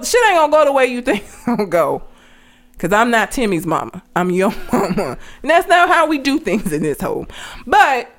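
A woman chatting casually with a bright, lively voice that swoops up and down. She tells stories in an animated, profane way and laughs often. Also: a little high. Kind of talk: casual chat.

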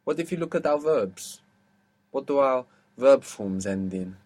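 A language teacher runs an audio lesson, taking his student through spelling and stress one step at a time. He stops to quiz the student and patiently works through every answer. His voice is mid-range, animated and a touch mellow.

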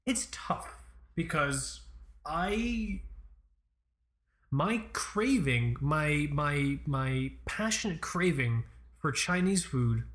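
Male podcast co-host, slightly raised pitch, playful, quick to laugh, casual swearing. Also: animated, a bit bright. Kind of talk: casual chat.

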